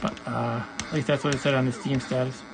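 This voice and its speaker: Gravelly-voiced man hosting a game stream. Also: mid-range voice, flat delivery, fairly quick, music in the background. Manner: rambling, self-deprecating, jokey. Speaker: livestream host. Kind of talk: casual game livestream chat.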